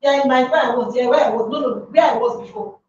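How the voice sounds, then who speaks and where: A high-voiced woman gives a motivational workshop talk, emphatic and quick to throw questions at the room. Her voice comes from well off the microphone, with a lot of room echo. The sound is dull and muffled, with faint noise underneath. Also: far from the mic. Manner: emphatic, with many rhetorical questions. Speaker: workshop speaker. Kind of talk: motivational talk to a live audience.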